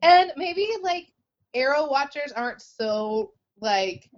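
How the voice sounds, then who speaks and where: Brief: playful woman co-host, high voice, dull lo-fi recording. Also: lively intonation, slow. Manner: playful, teasing, laughs a lot. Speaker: podcast co-host. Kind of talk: casual chat.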